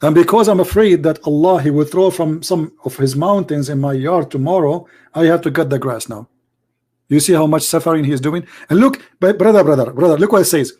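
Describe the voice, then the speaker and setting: A hoarse man hosting a livestream on religion, speaking emphatically in broken English and firing off rhetorical questions. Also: fairly high pitch, brisk, a little mellow. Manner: emphatic, rhetorical questions, non-native grammar. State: hoarse, voice nearly gone. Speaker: livestream debate host. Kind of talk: live-streamed religious polemic.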